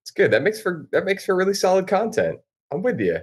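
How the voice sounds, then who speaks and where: A man appearing as a guest on a casual podcast, talking eagerly and chattily, sometimes in quick bursts. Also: high voice, huge pitch swings, husky. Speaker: podcast guest, band frontman.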